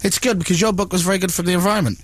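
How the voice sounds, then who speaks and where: A man's voice: high voice, steady tone. A man hosting a morning radio show from a studio, teasing and joking. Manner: teasing, jokey, quick to mock. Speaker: radio host.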